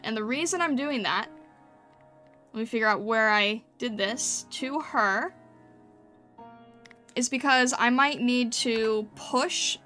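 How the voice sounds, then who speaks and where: Bubbly high-voiced woman streamer. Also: sharp tone. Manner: bubbly and chatty, greets chat, thinks aloud while working. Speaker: streamer giving thumbnail critiques. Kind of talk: casual livestream chat while drawing.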